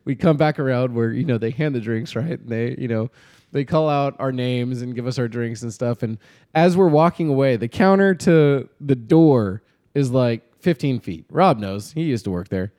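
A man's voice: medium pitch, moderate pace, warm tone. A man on a casual podcast telling a rambling story, laughing often and restarting his sentences. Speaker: podcast co-host. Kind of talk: casual chat.

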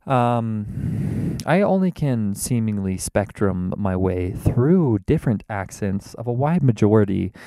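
A man hosting a podcast from inside his car, rambling and wordy in a casual monologue, mocking himself and now and then leaping into a theatrical high voice. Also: mellow, no room sound. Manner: rambling, wordy and self-mocking, with sudden theatrical jumps in pitch. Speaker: podcast host. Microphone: podcast microphone.

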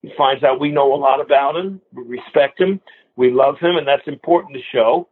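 A man's voice: medium pitch, normal speed, breathy edge. A man in his sixties from the New York area, a guest musician telling long anecdotes and acting out the other people in them. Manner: animated anecdotal storyteller who acts out other people's lines. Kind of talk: storytelling interview. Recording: phone-like narrow sound.

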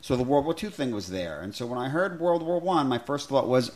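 A man's voice: medium pitch, animated, a little fast, hardly any pauses, darkish tone. A middle-aged man co-hosting a podcast, talking in an enthusiastic, rambling way with many restarts. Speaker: podcast co-host. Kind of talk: casual chat.

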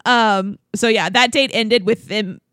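A young woman hosting a podcast in casual chat, animated and laughing often. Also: medium pitch, unhurried, dry recording, clean studio sound. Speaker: podcast host.

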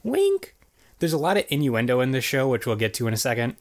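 Racing along in a mid-range voice, a man co-hosting a podcast goes over a cartoon episode. His chat is casual and meandering, full of filler words such as "like" and "basically."

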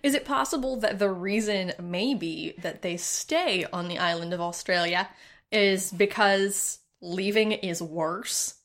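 A woman's voice: medium pitch, takes it slowly, fairly bright tone. A woman co-hosting a comedy podcast, chatting casually and asking dry, wry questions. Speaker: podcast co-host.

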